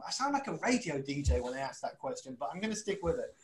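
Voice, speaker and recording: A man's voice: on the high side, sing-song, fast talker, poor audio. A man co-hosting a podcast in casual chat, chatty and self-deprecating, asking long rambling questions. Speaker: podcast co-host.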